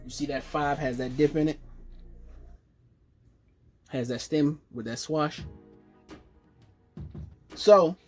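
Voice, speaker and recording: A man presenting his jersey collection in a casual vlog, chatty and excited, correcting himself as he goes. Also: a little high, slow, long pauses, faint music behind. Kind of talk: casual show-and-tell vlog.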